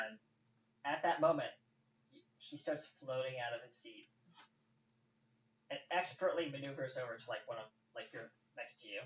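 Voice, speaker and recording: A man's voice: medium pitch, normal speed, long pauses. A man runs a tabletop game, rambling along with plenty of ums and likes. He is picked up from a distance in an echoey room on a dull, lo-fi mic, with a faint hiss behind him. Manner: loose, rambling with many fillers. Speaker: game master.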